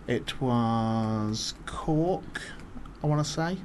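A man's voice: medium pitch, drawn-out words, a little mellow, slight background noise. A man from Northwest England with a northern English accent, chatting casually on a podcast, rambling and restarting his sentences. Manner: rambling, self-interrupting, laughs often. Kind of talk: casual chat.

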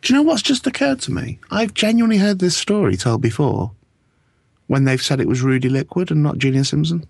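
Chatty radio host, dry close mic. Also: male voice, a little high, big pitch swings, brisk, gravelly, dry recording. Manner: chatty, laughs often, stumbles into restarts. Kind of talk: casual radio chat.

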